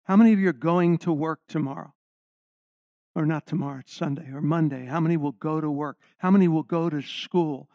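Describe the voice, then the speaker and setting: A man's voice: a little high, a little fast, dark tone, dry recording, highs cut off. Older man preaching an earnest sermon. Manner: earnest teaching, asks the congregation questions. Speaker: guest preacher.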